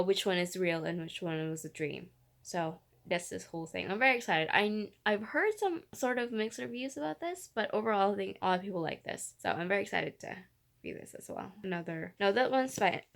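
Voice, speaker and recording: A young woman from the Philippines talks through her reading week in a loose, rambling vlog style. Her voice carries a gravelly, fry-tinged edge. She sits at a middle pitch for a woman. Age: 20s. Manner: rambling, self-correcting, chatty. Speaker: book vlogger. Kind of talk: casual reading vlog chat.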